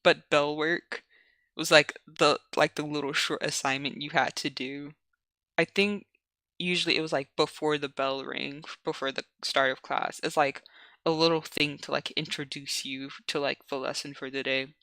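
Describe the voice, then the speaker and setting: A young adult streamer reads their old fanfiction and keeps stopping to explain it in loose, rambling asides packed with "like". The voice is bright and sits dry and close to the mic. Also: mid-range voice, steady tone, moderate pace, dry recording. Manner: rambling, heavy use of "like" fillers. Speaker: streamer reading own fanfiction. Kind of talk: casual reading with asides.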